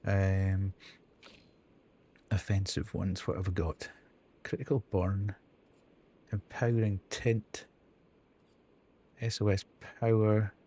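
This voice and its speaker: A man's voice: on the low side, a little mellow. A man streaming a video game live, thinking aloud as he counts and reads out menu options. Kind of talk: casual live gameplay commentary.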